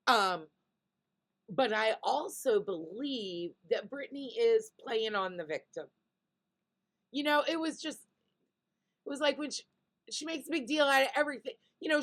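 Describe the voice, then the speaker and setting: A woman's voice: fairly high pitch, fairly bright tone. Brief: woman vlogger recapping reality TV, loose, candid, profane. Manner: candid, chatty, swears freely. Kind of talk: casual chat.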